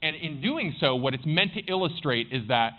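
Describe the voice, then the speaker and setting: A man speaking on a conference stage, playful and animated, his voice swinging widely and sitting a bit high. The recording is somewhat dull and lo-fi, with faint hiss behind. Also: moderate pace. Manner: playful, animated, joking with the audience. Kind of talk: conference talk.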